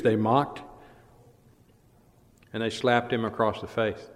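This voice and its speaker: A man preaching a sermon, retelling scripture dramatically and swinging between loud and hushed passages. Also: on the low side, level tone, slow pace. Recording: long hall reverb.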